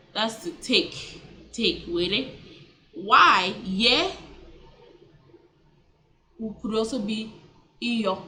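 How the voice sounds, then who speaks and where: A fairly high, expressive voice with a sharp tone belongs to a woman teaching languages in a casual vlog. Chatty and self-correcting, she repeats each word slowly.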